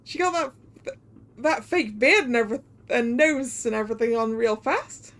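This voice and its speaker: A woman's voice: a little high, normal speed, fairly bright tone. Chatty woman streaming a game. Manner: chatty, reads all dialogue aloud. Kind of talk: casual game playthrough commentary.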